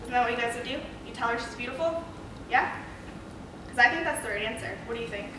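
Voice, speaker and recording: A young woman delivers a speech to a classroom, with a fairly high voice and a lively way of pressing her audience with questions. She sounds far from the mic, and her voice echoes heavily around the room over a steady background hiss. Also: fast. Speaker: student speaker.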